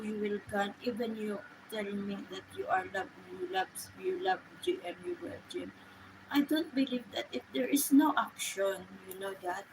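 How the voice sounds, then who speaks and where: A woman chatting casually with viewers on a live stream, speaking halting English with many restarts. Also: a little high, background noise. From Philippines. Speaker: livestream host.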